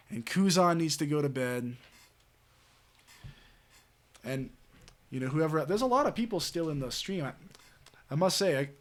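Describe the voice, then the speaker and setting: A man streaming late at night, telling a story in a rambling, casual way with lots of fillers and swearing. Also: on the high side. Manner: rambling, heavy filler words and frequent swearing.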